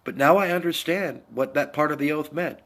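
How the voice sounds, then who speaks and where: A man's voice: on the high side, brisk, a bit bright. A middle-aged man from the United States, a Navy veteran, giving a heated, blunt political rant and repeating his points.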